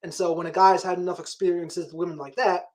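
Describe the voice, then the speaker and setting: Man giving relaxed dating advice. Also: high-pitched, fast talker. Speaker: host. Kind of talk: casual interview chat.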